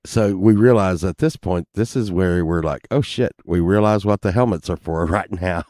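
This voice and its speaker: A middle-aged man, telling a casual anecdote and loudly acting out the people in it. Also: on the low side, normal speed, no echo, clean studio sound. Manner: animated, acts out quoted lines loudly, laughs while telling. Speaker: storyteller.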